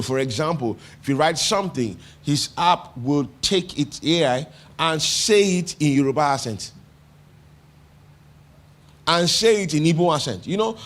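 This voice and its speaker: Nigerian preacher, conversational and questioning. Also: male voice, fairly high pitch. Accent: Nigerian English. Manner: repeats phrases for emphasis. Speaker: pastor. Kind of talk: sermon.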